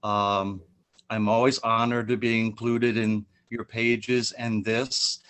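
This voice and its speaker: A man's voice: fairly low pitch, little pitch movement, takes it slowly, fairly bright tone, clean tone. A man, a poet and spoken word artist, introducing himself and then performing a dramatic spoken word piece over a video call.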